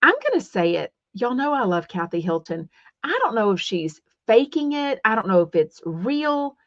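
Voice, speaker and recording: A woman's voice: fairly high pitch, sing-song, moderate pace, a bit bright, no room sound. A middle-aged woman from Texas with a Texan accent, hosting a rambling, casual livestream podcast with lots of fillers. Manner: chatty and rambling, many fillers and restarts. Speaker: podcast host. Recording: dull lo-fi dry sound.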